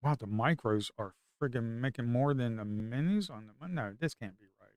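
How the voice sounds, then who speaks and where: A man giving casual, rambling commentary on his trading screen, excitable and slangy. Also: medium pitch, moderate pace, dry recording, studio quality. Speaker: futures trader and video host.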